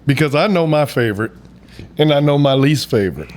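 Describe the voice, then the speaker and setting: Joking young podcast host, high voice. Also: male voice, brisk. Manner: joking, animated, repeats phrases for laughs. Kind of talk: casual podcast banter.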